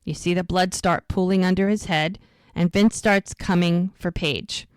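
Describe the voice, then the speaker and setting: A woman's voice: fairly low pitch, a little slow, clean tone, no room sound. A woman co-hosting a podcast, casually recapping an episode and acting out the characters' lines as she goes. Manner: animated retelling, acts out quoted lines.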